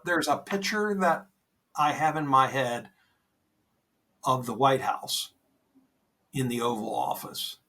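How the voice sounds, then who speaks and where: Earnest guy on a faith podcast, slow and gentle, bit far from the mic. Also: medium pitch. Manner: earnest, gentle, reassuring, with many "you know"s. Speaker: podcast co-host. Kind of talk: conversational faith talk.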